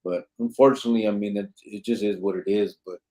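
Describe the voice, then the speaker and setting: A man's voice: lowish voice, fairly even intonation, fast, mellow. A man hosting a live podcast, reading out chat comments and talking in a laid-back way full of street slang and swearing.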